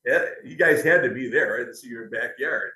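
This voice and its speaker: A man of medium pitch talks through company history as a guest, chatty and given to laughing while he tells a story. His voice carries a clear roomy echo, as if recorded in a large, open room. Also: brisk, bright, forceful tone. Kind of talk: anecdotal interview storytelling. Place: company building.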